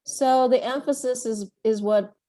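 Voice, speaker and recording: A woman's voice: a little high, steady tone, measured pace, dark tone. A woman taking part in a workshop over a video call, asking questions and restating points to check she understands. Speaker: workshop participant.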